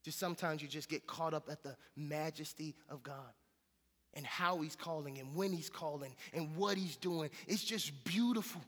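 A male pastor preaching a sermon in a relaxed, conversational, storytelling way, with casual slang. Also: on the high side, normal speed, in a large hall. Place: church sanctuary.

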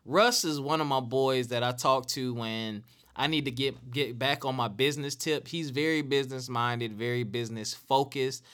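A man's voice: mid-range voice, moderate pace, a bit bright. A man in his late thirties hosting a casual solo talk show, earnest and repeating phrases for emphasis. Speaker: podcast host.

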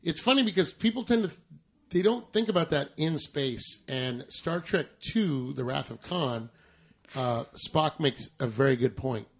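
A man's voice: a little high, expressive, measured pace, vocal fry. A man in casual chat, explaining a TV episode at length with trivia and frequent restarts.

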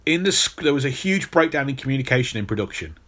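A man's voice: mid-range voice, big pitch swings, fast talker, fairly bright tone. Man telling a story on a podcast. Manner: storytelling, many restarts. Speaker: podcast host. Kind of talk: casual podcast chat.

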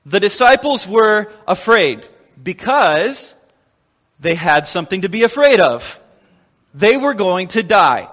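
Pastor, male, high voice, lively storyteller who acts out quotes, long reverb of a large hall. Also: unhurried. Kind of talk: sermon.

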